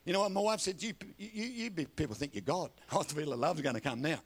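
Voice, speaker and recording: Older preacher, high voice. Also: male voice, expressive, fast, husky. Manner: folksy storytelling with calls for amen. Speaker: pastor. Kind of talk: sermon.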